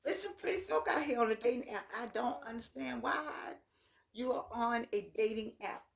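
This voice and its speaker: An older American vlogger with a Southern accent talks to camera at normal speed, her voice a little high and gravelly. She's chatty and folksy, wandering off on tangents and laughing along the way.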